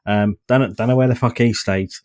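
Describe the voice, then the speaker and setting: A man's voice: mid-range voice, steady tone, moderate pace, a little mellow. A man is riffing on a podcast, sardonic and full of swearing. He stumbles and restarts constantly as the story tumbles out. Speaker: podcast co-host. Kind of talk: casual podcast chat.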